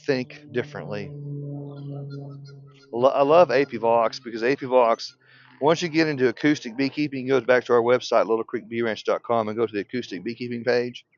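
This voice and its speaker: A man's voice: medium pitch, steady tone, quick pace. An older man, a beekeeping teacher, delivering a passionate unscripted rant. He is blunt and provocative and laughs often. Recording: dull lo-fi recording.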